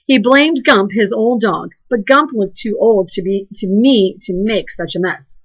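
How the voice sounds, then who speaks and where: A woman teaching second grade remotely, encouraging and animated as she guides a phonics lesson and reads aloud. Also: mid-range voice, measured pace, hardly any pauses, breathy edge, muffled recording. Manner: encouraging, animated, sing-song praise.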